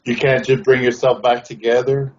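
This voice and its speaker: A man's voice: mid-range voice, little pitch movement, moderate pace, highs cut off, a little hiss or hum. A man interviewing, offering short sympathetic replies and questions. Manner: brief affirming interjections. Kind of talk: casual conversation.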